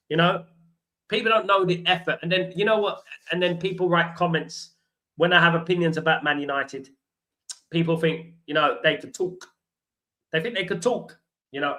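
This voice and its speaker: Chatty man, bright voice. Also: on the high side, low-quality recording. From London. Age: 40s. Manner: chatty storytelling, addresses viewers as guys and mate. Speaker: host of a football fan watchalong. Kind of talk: casual live-stream chat.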